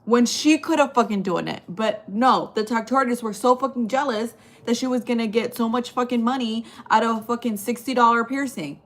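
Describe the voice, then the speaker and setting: A woman's voice: a little fast, few pauses. Profane, rambling woman telling a story. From Chile, raised in the United States. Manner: rambling, profane, lots of fillers; gets loud and high when outraged. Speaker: storytime vlogger. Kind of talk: casual storytime chat.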